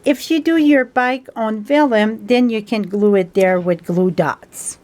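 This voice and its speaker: Slow, chatty woman demonstrating a craft. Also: on the high side, darkish tone. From France. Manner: chatty, homespun, non-native grammar with fillers. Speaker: stamping craft instructor. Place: home craft table.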